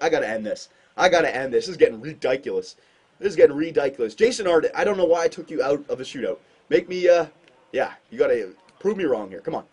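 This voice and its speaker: Excitable husky-voiced man commentating gameplay. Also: a little high. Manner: excitable, self-mocking, frequent outbursts. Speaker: gaming commentator.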